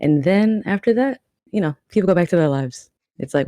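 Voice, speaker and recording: Female podcast guest from the New York area, rambling casual talk, warm dark timbre. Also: lowish voice, lively intonation, a little fast, no echo, studio quality. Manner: chatty, rambling with many restarts and fillers. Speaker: guest cosplayer.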